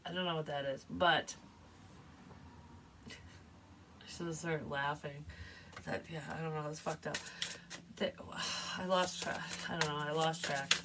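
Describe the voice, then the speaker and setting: A woman's voice: low-pitched, fairly even intonation, measured pace, pauses often, recorded from a distance, noisy background. A middle-aged woman giving a casual tarot reading, rambling and frank and swearing freely. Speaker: psychic tarot reader.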